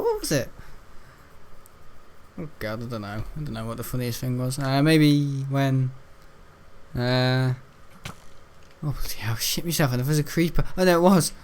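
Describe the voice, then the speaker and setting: A man's voice: mid-range voice, lively intonation, moderate pace, long pauses. A young man from Britain, rambling and giggling as he tells a school story while playing a game. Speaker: gaming video host. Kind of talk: casual gameplay commentary.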